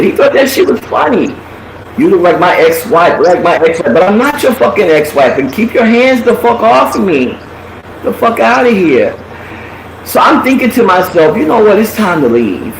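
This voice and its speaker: A woman host telling a personal story in casual chat, with lots of profanity, acting out what people said. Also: mid-range voice. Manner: profane, animated, acts out quotes. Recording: echoey room with faint noise.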